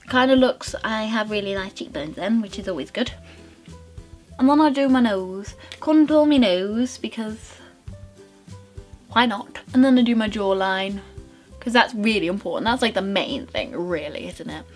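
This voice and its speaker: A woman's voice: medium pitch, animated, normal speed, faint music behind. A young woman talking through her makeup routine in a bubbly, rambling, self-mocking way. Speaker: beauty vlogger. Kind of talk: casual makeup tutorial chat.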